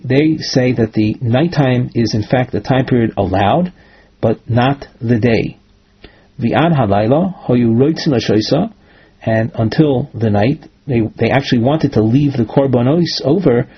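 Talmud teacher, male, husky, middle pitch, reads and translates on a muffled recording. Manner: reads Aramaic phrases then translates. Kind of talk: text-based lecture. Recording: dull lo-fi recording.

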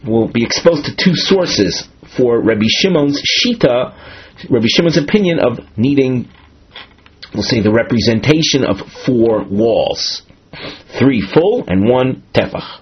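A man's voice: mid-range voice, expressive, measured pace, highs cut off, a little hiss or hum. A man teaching a Talmud study lesson, explaining step by step with frequent restarts and Hebrew terms.

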